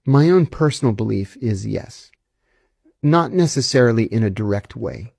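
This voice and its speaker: Gravelly man telling emphatic stories. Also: mid-range voice, animated, normal speed, darkish tone, no echo, clean studio sound. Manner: emphatic, indignant storytelling. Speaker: former intelligence officer. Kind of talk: interview storytelling.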